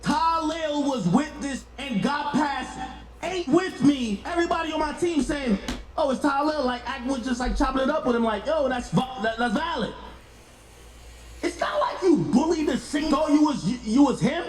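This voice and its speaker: A man telling a story in an excitable way, acting out the lines of others with sudden jumps in pitch. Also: moderate pace, roomy sound, low-quality recording. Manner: excitable, acts out dialogue with sharp jumps in pitch. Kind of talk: animated storytelling on a clip.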